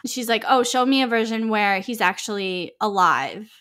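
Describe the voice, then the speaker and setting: A woman's voice: mid-range voice, normal speed, sharp tone. A young woman co-hosting a podcast in casual chat, rambling and laughing, full of fillers. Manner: rambling, giggly, lots of fillers. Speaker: podcast co-host.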